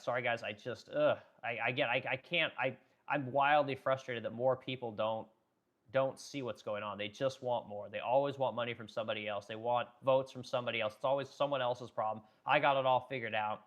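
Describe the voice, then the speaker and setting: In a mid-range, fairly bright voice that runs a little fast, a middle-aged business owner rants hotly about politics on his livestream. The swearing flows freely, and he goes back over the same points, stumbling frequently as his anger builds.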